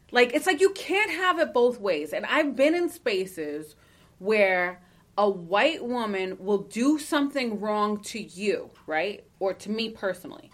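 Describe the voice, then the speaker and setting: A woman's voice: medium pitch, fairly bright tone. A woman co-hosting a casual podcast, talking emphatically and passionately, cursing freely and laughing often, and at times reading a listener's letter aloud. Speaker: podcast co-host.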